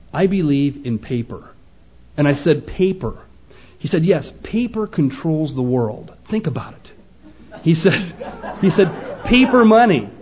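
A man's voice: fairly high pitch, darkish tone. A man preaching a sermon, telling a story in quoted dialogue and pressing his points with emphasis. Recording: dull lo-fi recording.

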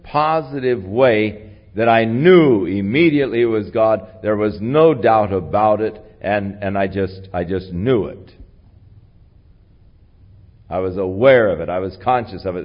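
Lively man preaching a sermon, lo-fi. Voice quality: voice that carries. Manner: conversational storytelling, animated swings in pitch and loudness. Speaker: pastor.

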